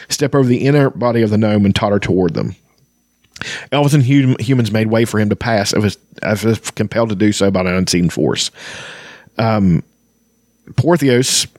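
A man's voice: on the low side, darkish tone, dry recording, studio quality. A man reading passages of a fantasy novel aloud and chatting about them, with frequent ums and restarts. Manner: halting, many ums and restarts. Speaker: podcast host discussing a fantasy novel. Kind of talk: reading aloud and casual commentary.

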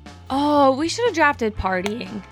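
A woman's voice: high voice, expressive, measured pace, soft background music. A woman from Kentucky hosting a casual podcast chat, joking and laughing often. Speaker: podcast host.

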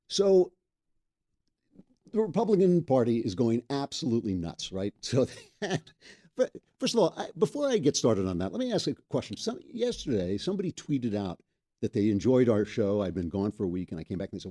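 A man hosts a political talk podcast from a makeshift studio, chatting casually and wryly and often laughing at his own jokes. His medium-pitched voice is sing-song, a little fast, and dark in tone.

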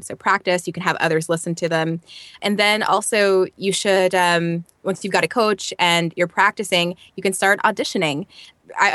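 A woman's voice: fairly low pitch, a bit bright, no room sound. A woman voice actor who is a guest on a podcast, speaking in a thoughtful, practical way and often restarting her sentences. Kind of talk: casual podcast interview.

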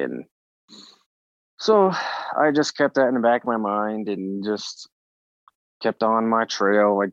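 A man on a podcast as the guest, telling a story in casual talk, animated and swearing freely as he acts out his own reactions. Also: fairly low pitch, takes it slowly, long pauses, no room sound, dull audio.

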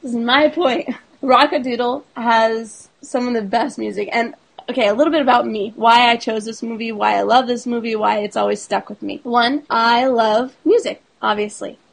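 Chatty woman with a creaky voice. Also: a little high, steady tone, moderate pace, rough recording. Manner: enthusiastic, chatty, explains with lists. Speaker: podcast co-host. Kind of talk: casual podcast chat.

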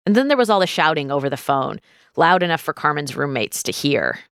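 A woman host narrating a true story in a measured, scripted style and interviewing her guest. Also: deep voice, big pitch swings, fairly bright tone, clear, resonant tone, no echo, studio quality.

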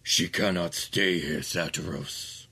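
A man's voice: low-pitched, bright, forceful tone, slightly rough, heavily acted. A man doing a cold, imperious demon lord. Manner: slow, grave, imperious delivery. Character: towering ancient male demon lord, cold and commanding.

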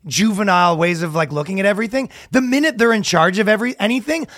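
A man's voice: high voice, fast talker, fairly bright tone, dry recording, clean studio sound. A man co-hosting a podcast in loose, rambling casual chat, swearing and laughing easily. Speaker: podcast co-host.

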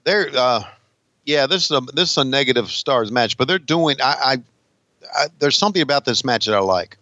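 A man with a bright, forceful voice co-hosts a wrestling podcast, often restarting his sentences. The sound is dull and lo-fi, and dry without any room echo. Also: medium pitch, expressive. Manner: halting restarts, drawled asides. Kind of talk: casual profane banter.

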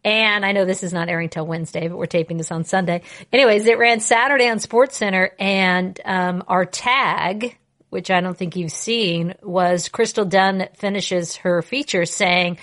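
A woman's voice: lowish voice, moderate pace. A woman co-hosting a podcast, chatting casually and telling stories with lots of laughter. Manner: playful, laughing, animated storytelling. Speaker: podcast co-host. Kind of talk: casual chat.

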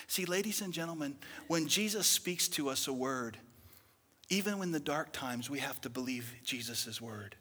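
Husky preacher man in a reverberant hall. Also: mid-range voice, lively intonation, moderate pace. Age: young adult. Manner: dramatic preaching, swinging from shouts to whispers. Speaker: pastor. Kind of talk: sermon.

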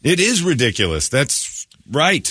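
A man hosting a morning radio show, telling self-mocking stories in casual chat and acting out quotes loudly. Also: a little high, very animated, measured pace, breathy edge, no room sound, studio quality. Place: radio studio. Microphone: studio microphone.

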